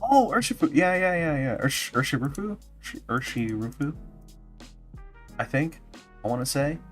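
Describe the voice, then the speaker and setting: A man's voice: a little high, sing-song, moderate pace, a bit bright, soft background music. A man streaming as a vtuber, chatting casually and playfully with his viewers and laughing often. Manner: giggly, playful, reacting to chat. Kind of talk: casual livestream chat.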